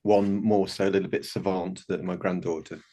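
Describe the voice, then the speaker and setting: A man's voice: low-pitched, flat delivery, fairly quick. Rambling fifties man on a video call. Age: 50s. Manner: rambling, warm anecdotal with frequent restarts. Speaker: participant sharing a story. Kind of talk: casual video-call storytelling. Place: home bedroom.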